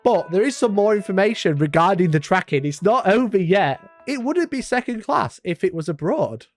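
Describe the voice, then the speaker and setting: A man giving animated, sweary online-drama commentary, reading posts aloud with mocking asides. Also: high-pitched, normal speed, soft background music. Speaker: YouTube commentator.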